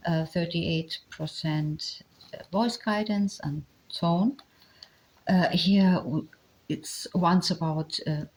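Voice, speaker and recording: A woman speaking English with a German accent lays out ideas point by point. She talks at an unhurried, halting pace in a slightly low voice, often stopping to find the next word. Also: gravelly, darkish tone, poor audio. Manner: halting, many fillers, explaining step by step. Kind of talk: explanatory talk on communication.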